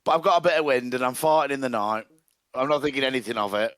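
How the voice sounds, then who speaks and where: A man, a podcast co-host, telling an embarrassing anecdote in short, clipped, deadpan phrases. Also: medium pitch, fast talker, no echo. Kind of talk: casual chat, embarrassing anecdote.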